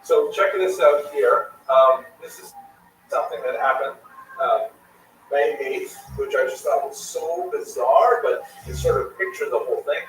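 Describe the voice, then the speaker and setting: A man hosting a livestream discussion in a casual, animated way. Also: fairly high pitch, unhurried, gravelly. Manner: animated, tells jokes. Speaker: livestream host. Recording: echoey room from far off, faint noise.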